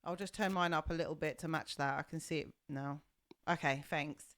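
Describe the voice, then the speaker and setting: A woman's voice: low voice, a little fast, fairly bright tone, no echo. Woman, casual streamer host, chatty and giggly, dry close-mic sound. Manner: chatty, laughs often, fiddles with audio settings. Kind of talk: casual chat. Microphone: desk mic.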